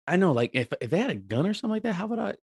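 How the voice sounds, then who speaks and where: Man, podcast co-host, lively swooping pitch, rambling, swears a lot, casual storytelling. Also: very fast, slightly rough, no echo, studio quality. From Eritrea. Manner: animated, swearing, rambling with many fillers.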